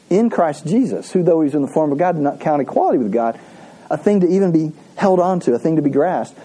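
Poor audio captures a pastor whose voice is on the high side, warm and husky. Preaching a conversational sermon at a church service, he repeats key phrases and asks his congregation to read scripture aloud along with him.

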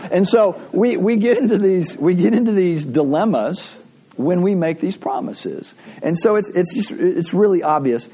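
Husky middle-aged male pastor preaching. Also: sits high, normal speed. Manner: conversational storytelling, animated. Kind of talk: sermon.

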